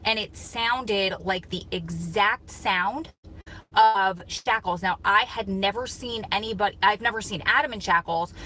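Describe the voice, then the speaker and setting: A woman's voice: medium pitch, sharp tone, slight background noise, low-quality recording. A woman in her thirties hosting a live chat and reading viewer comments, talking in an earnest, heartfelt way. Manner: earnest, heartfelt, talks through tears at times. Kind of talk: emotional casual live chat.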